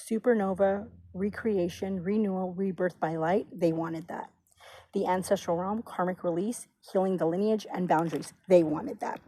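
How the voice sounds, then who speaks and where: A woman's voice: fairly low pitch, warm tone. Woman, intuitive reader, loose rambling delivery, salty language, noisy background. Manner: rambling, swears freely, laughs often. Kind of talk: casual spiritual reading monologue.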